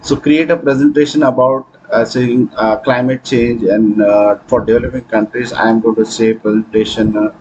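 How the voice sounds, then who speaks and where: A man hosting a software tutorial, talking through his screen with frequent hesitations. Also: medium pitch, fairly even intonation, normal speed, hardly any pauses, a little hiss or hum, rough recording. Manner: hesitant, many fillers. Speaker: tutorial host. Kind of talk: screen-recording software walkthrough.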